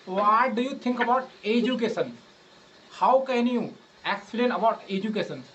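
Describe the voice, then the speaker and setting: A man's voice: sits high, normal speed, a bit bright, dull audio, slight background noise. A man in his twenties from India with an Indian English accent, an English trainer who patiently repeats and rephrases his questions. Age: 20s. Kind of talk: casual English practice conversation.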